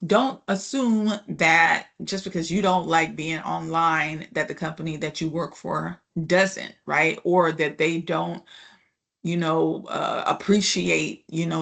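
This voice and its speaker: Chatty woman instructor with a gravelly edge. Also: low-pitched, a bit bright. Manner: chatty, asks the class "right?" and "you know" often. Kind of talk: casual online class lecture.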